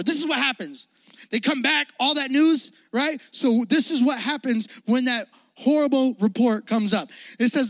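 High-voiced, jokey young preacher. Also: male voice, moderate pace, a bit bright, no echo. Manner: playful, jokey, slangy, acts out quotes. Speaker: youth pastor. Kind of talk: youth sermon.

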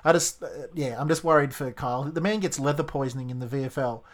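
A man's voice: mid-range voice, fast talker. A man hosting a radio chat, opinionated and openly worried like a passionate fan. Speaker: radio host.

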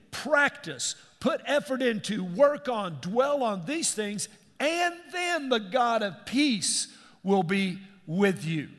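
A man's voice: high-pitched, a bit bright. A middle-aged man, preaching a sermon and asking his congregation questions as he goes. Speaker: pastor. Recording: long hall reverb.

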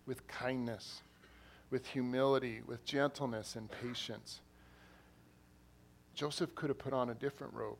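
A man's voice: medium pitch, steady tone, moderate pace, creaky, a little hiss or hum. A man who is an assistant pastor, preaching an earnest sermon in a church, repeating phrases and rising to emphatic bursts. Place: church hall.

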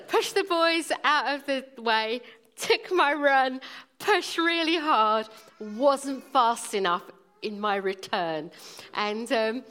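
A woman in her forties preaching, telling a personal story in a lively, humorous way. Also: a little high.

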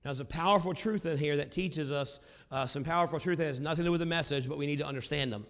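A male pastor preaching a sermon, with a loud, carrying voice that swings from booming to hushed. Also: fast. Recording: long hall reverb.

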